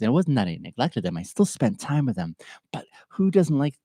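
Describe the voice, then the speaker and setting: A man's voice: mid-range voice, big pitch swings, a little fast, warm tone, no room sound. A middle-aged man hosting a solo podcast, speaking earnestly and from the heart with a stuffy, sniffly nose. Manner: earnest, heartfelt and openly emotional. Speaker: podcast host. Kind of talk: reflective solo podcast monologue.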